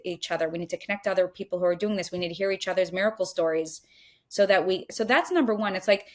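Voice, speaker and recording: A middle-aged woman speaks in a mid-pitched voice, earnest and emphatic as she shares teachings. She circles back with repeated phrases and slips into the voices of her own fears. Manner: earnest, repetitive, emphatic, acts out inner voices. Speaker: podcast guest, Jewish teacher. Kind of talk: heartfelt conversational teaching.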